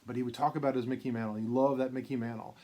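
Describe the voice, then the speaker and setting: Talking very fast, a man with a dark-toned, medium-pitched voice and fairly even intonation casually recounts a long personal story on his own channel, full of fillers and false starts. He's a vintage card collector and the channel's host.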